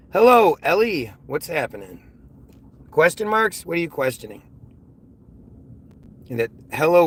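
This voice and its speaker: Driving and livestreaming, this American man speaks in a high, fairly bright voice, reading chat aloud and ranting. He rambles and repeats words, and road and car noise can be heard in the background.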